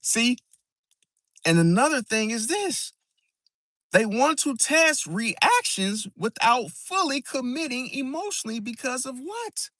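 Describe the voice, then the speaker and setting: A man's voice: very high-pitched, very animated, slow pace, sharp tone, no echo. Emphatic slangy man, dry close sound. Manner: emphatic, slangy, keeps asking "see?" and saying "bro"; restarts and repeats words while explaining. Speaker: astrology video host. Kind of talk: casual monologue to camera.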